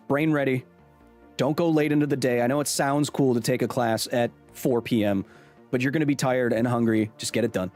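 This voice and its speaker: A male streamer talks to his chat in an easygoing, conversational tone, with a voice in a middle pitch. He reads viewer questions aloud and answers them one by one. Faint music plays under his voice. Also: darkish tone. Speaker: live stream host reading chat. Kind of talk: casual live-stream chat.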